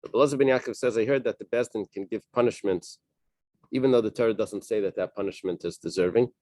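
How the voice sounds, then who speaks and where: A man leading a Talmud study class, reading Aramaic passages and translating them in a casual, halting way with many fillers and restarts. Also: lowish voice, warm tone, dry recording. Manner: casual, thinking aloud.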